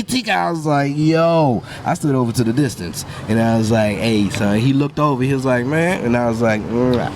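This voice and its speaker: A man hosting a podcast, telling a profane, animated story and acting out what people said. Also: mid-range voice, slight background noise. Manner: animated, profane, acts out quoted voices. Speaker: podcast host. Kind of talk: casual storytelling chat.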